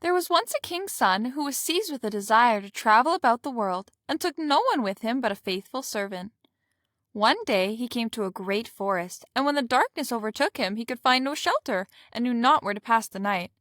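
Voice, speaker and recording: A woman's voice: a little high, moderate pace, dry recording. Woman reading a fairy tale, dry sound. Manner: steady, plain storybook reading. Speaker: storyteller.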